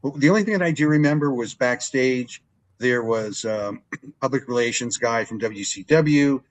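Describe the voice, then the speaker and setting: An older man, a longtime ring announcer, telling stories in a relaxed interview and acting out what people said. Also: moderate pace, low-quality recording. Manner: animated storyteller, acts out quotes with big pitch jumps. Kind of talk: storytelling interview chat.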